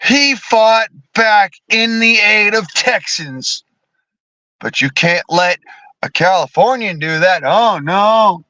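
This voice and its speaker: A man's voice: high voice, takes it slowly, bright, forceful tone, no echo, highs cut off. A man in his thirties ranting angrily about politics, profane, heated and sarcastic. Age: 30s. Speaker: streamer. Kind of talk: angry political rant.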